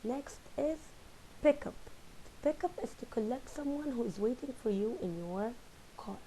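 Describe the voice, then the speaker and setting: A woman teacher explaining phrasal verbs slowly, reading out example sentences one by one. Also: a little high, expressive, mellow, slight background noise, low-quality recording. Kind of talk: recorded English lesson.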